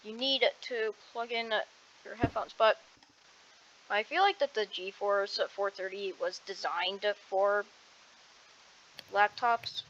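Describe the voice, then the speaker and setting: A woman's voice: medium pitch, slow pace, pauses often, fairly bright tone, lo-fi sound, slight background noise. A woman chatting casually to herself while playing a game at her computer, rambling and breaking off mid-sentence, speaking into a cheap headset mic held away from her mouth. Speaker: gaming streamer. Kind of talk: casual gameplay commentary. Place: at a computer desk at home.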